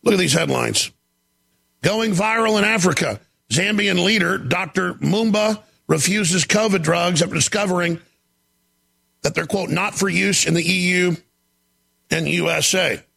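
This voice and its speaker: A man hosting a talk show, delivering an emphatic, ranting monologue with a gravelly voice. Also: high-pitched, a little slow. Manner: gravelly, shouting, emphatic rants.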